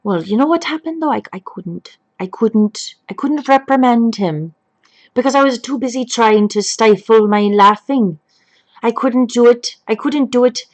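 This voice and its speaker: A woman's voice: on the high side, normal speed, a little mellow, close to an everyday voice, poor audio. A woman playing a foul-mouthed elderly grandmother who rambles off topic and swears constantly. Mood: gossipy. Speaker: grandmother telling a story. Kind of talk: comedic improvised chat.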